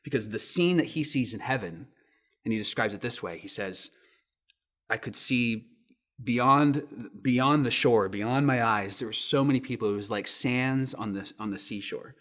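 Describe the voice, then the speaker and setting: A pastor in his thirties delivers a sermon full of lively storytelling, raising his voice to act out quotes. He speaks at medium pitch and a moderate pace.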